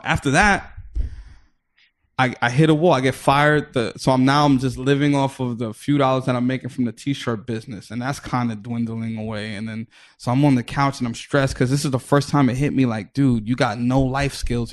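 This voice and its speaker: Steady in tone and a little quick, this medium-pitched Bronx comedian from New York tells an extended, casual tale as a podcast guest. Profanity comes easily, he reworks his sentences mid-stream, and he acts out what others said.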